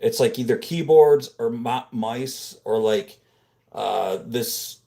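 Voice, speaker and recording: A man hosting a casual livestream from a home room, rambling and filling his talk with "dude" and "like," close on a boom-mounted microphone. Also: slow, vocal fry, dark tone. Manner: rambling, filler-heavy, says "dude" and "like" a lot. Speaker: livestream host. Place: home room full of computer monitors.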